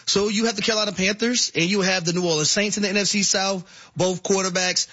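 A man co-hosting sports talk radio, his voice fairly high, bright and husky. He speaks emphatically, repeating words for weight, on a slightly dull recording. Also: steady tone, fast.

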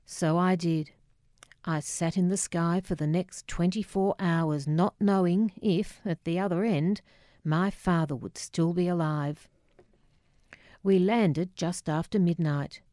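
A woman narrating her memoir in a reflective, measured, wry way, close on a studio mic. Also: on the low side, darkish tone, no echo.

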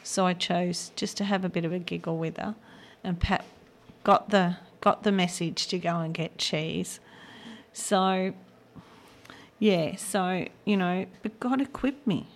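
A woman's voice: on the low side, measured pace. A woman hosting a gospel radio show, giving an earnest, personal devotional message that often drops to a near whisper.

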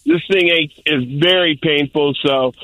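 A man's voice: a little high, a little slow, no room sound, narrow, tinny audio. An older man calling in to a radio show, telling a rambling, boisterous story. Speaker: caller. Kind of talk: call-in radio chat.

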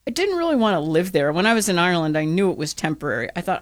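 A woman's voice: on the low side, rapid-fire, few pauses. An American woman co-hosting a talk show, chatting casually and acting out the stories she tells. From United States. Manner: animated storyteller, acts out quotes. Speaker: talk radio co-host. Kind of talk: casual chat.

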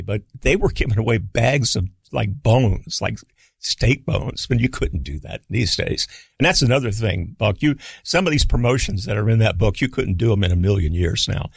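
An older man, a guest on a radio talk show, telling stories in a relaxed, rambling way with fillers and restarts. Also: lowish voice, gravelly, husky, no echo. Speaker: guest, radio executive and author. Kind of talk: relaxed storytelling. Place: studio.

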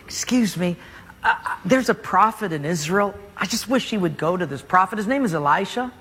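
A man's voice: sits high, animated, brisk, bright, forceful tone, breathy edge, big-room sound, full character voice. A man voicing an eager young slave girl who urges politely and hopefully.

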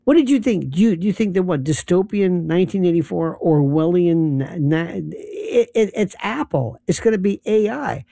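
Gravelly, sarcastic man in a lively rant. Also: high voice, normal speed, few pauses, no room sound. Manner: sarcastic, acts out quoted voices. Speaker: commentator. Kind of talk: monologue.

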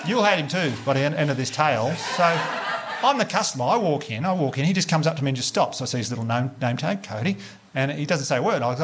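Fast-talking Australian stand-up comic. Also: male voice, a little high, lively intonation, background noise. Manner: chatty, swearing, acts out dialogue. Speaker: stand-up comedian. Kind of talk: stand-up comedy set. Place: comedy venue with live audience.

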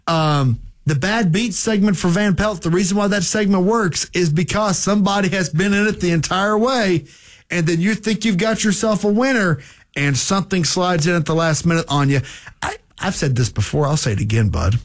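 A man's voice: sits high, normal speed. A man hosting a morning sports radio show, chatting casually and arguing his opinions with a caller from a studio mic. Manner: opinionated, argumentative. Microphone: studio microphone.

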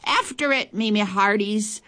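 A woman's voice: fairly low pitch, big pitch swings, a little slow. A woman reading a storybook aloud and voicing a blustery male pirate captain who bellows in pirate talk. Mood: bellowing.

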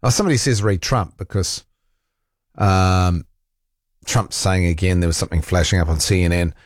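A man's voice: low voice, fairly even intonation, normal speed, no room sound, studio quality. A man hosting a talk radio show, reading listener texts and arguing back at critics in a combative, fact-checking way. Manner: combative, defends himself, fact-checks callers.

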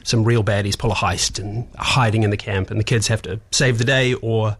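A man, chatting casually in an interview and telling animated anecdotes full of acted-out voices. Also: lowish voice, brisk, slight background noise. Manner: animated storyteller, acts out voices, frequent restarts. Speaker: actor and show creator.

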